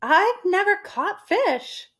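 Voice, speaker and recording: An eager, literal-minded young housekeeper, as a woman reads her aloud in a storybook. She talks in a high, earnest voice that climbs and dips widely, full of wide-eyed questions. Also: very animated, slow pace, a bit bright, exaggerated voice. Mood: eager, puzzled.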